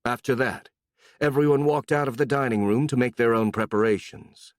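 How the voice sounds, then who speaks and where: Brief: man reading fantasy audiobook, expressive, dry booth sound. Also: mid-range voice, moderate pace, no room sound. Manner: expressive, voices each character. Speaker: audiobook narrator. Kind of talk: scripted fantasy narration.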